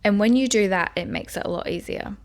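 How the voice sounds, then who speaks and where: A woman's voice: medium pitch, a little fast. A woman giving a self-help video lesson, earnestly guiding the listener step by step and speaking affirmations aloud. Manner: speaks tapping affirmations aloud in first person.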